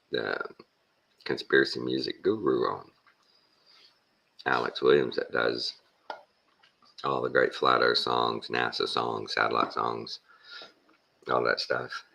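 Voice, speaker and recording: A man's voice: extremely low pitch, vocal fry, pushed and bright. A man from Texas, rambling through a casual monologue and acting out conversations. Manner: rambling storyteller, acts out conversations. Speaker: vlogger.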